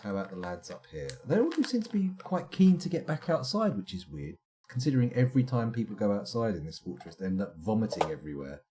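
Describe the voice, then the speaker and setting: A man's voice: on the low side, big pitch swings, quick pace, few pauses, warm tone. A man streaming a game live, chatting and rambling to himself as he plays. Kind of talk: live let's-play commentary.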